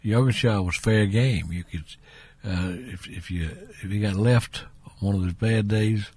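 A man's voice: fairly low pitch, moderate pace, darkish tone, slightly rough, no echo. A man hosting a call-in radio show, chatting casually and laughing along with callers.

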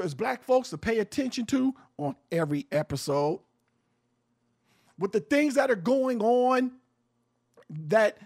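High, gravelly man ranting on talk radio. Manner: blunt, profane and emphatic; repeats and restarts words while building a point.

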